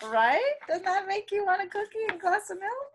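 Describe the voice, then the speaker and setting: Woman, school staff, storytime read-aloud; high voice, unhurried, playful asides. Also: a little hiss or hum. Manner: expressive, playful, chatty asides with laughs. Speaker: elementary school staff member. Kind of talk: reading a picture book aloud to children.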